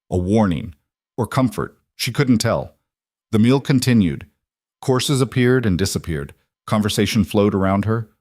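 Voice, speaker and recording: Man narrating a story, measured, low voice, dry. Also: a little mellow, no echo. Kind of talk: scripted audiobook narration.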